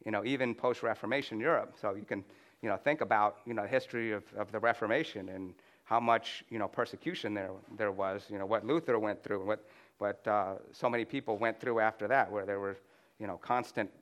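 A man's voice: on the low side, fairly quick, fairly bright tone. A man preaching a conversational sermon to a room, reading scripture aloud and often restarting with "you know.". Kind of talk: sermon with slides.

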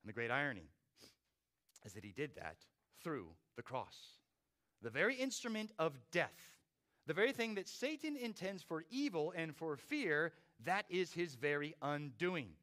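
A man's voice: on the high side, very animated, normal speed, a bit bright. A man preaching a sermon with dramatic rises and drops in volume. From not from Australia. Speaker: pastor.

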